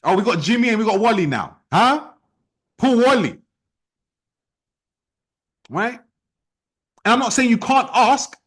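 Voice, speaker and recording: A man leading an online sales team training, talking in a forceful, repetitive, challenging way. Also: very high voice, lively intonation, measured pace, pauses often, slightly rough. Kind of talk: motivational training talk.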